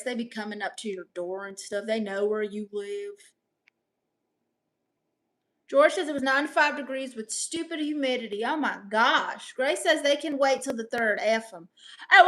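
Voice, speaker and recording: A young woman on a live stream reads viewer comments aloud and fires back brash, sassy comebacks. Her voice is high and bright with a sharp, forward edge.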